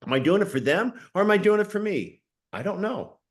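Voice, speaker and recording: A man hosting a conversation, animated, often laughing as he tells stories. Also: sits high, fairly quick. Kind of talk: conversational interview.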